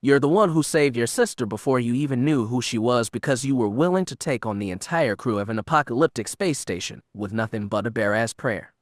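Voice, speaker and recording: Man reading drunk gruff smuggler, slurred drawl, loud and vehement, audiobook character, mid-pitched, dry close recording. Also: expressive, a little fast, few pauses, dry recording, close to an everyday voice. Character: drunk, gruff middle-aged male smuggler.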